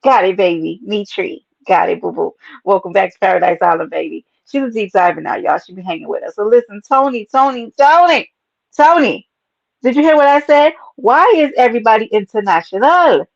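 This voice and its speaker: A woman chats through a casual livestream and greets her viewers by name. Her voice is playful and animated and bounces up and down in pitch. The sound is dry and a little dull. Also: fairly quick, creaky, no echo. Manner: animated, playful, talks to chat as baby and y'all. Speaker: livestream host. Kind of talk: casual livestream chat reading comments.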